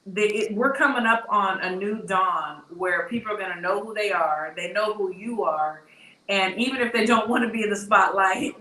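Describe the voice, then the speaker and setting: A woman's voice: mid-range voice, bright, forceful tone. A woman from Texas, hosting a boxing talk show in a chatty, casual way that often repeats words as she starts a phrase. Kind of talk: casual interview chat. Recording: echoey room, distant mic.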